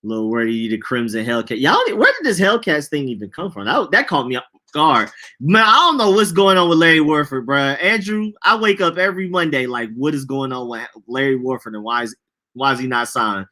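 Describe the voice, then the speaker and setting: A man's voice: mid-range voice, big pitch swings, fairly quick, pushed and bright. A young man hosting a casual sports podcast, chatting loosely and reacting to viewer comments. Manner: loose, chatty, says bro a lot. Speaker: podcast host reading chat.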